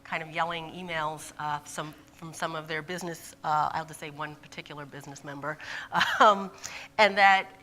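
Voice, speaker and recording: An expressive woman gives a conference talk, animated and quick to laugh. Her voice is bright and clear but sits on the low side. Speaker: conference presenter.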